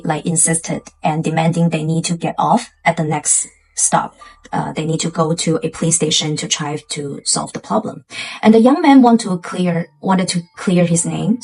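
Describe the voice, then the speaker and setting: A woman's voice: on the low side, darkish tone, poor audio. A woman telling a spooky tale to her viewers in a chatty, casual way, full of fillers. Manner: chatty, loose phrasing with many fillers. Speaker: storyteller.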